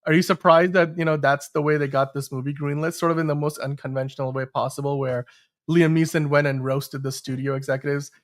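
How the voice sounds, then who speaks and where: A man hosts a live-streamed show in easy, rambling chat. He restarts his sentences often and piles on fillers. His voice sits somewhat high for a man. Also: steady tone, fairly quick. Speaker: podcast host.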